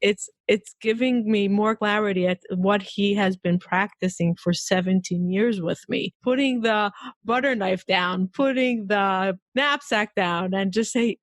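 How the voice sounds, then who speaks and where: A woman's voice: medium pitch, measured pace, dry recording. A woman in her forties hosting a podcast interview, telling personal stories candidly and animatedly, often laughing. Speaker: podcast host. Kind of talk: casual conversational interview.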